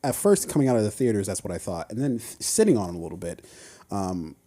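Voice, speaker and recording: A man's voice: lowish voice, big pitch swings, fast talker, warm tone. A man hosting a podcast in casual chat, teasing his co-host, swearing freely and laughing often. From United States.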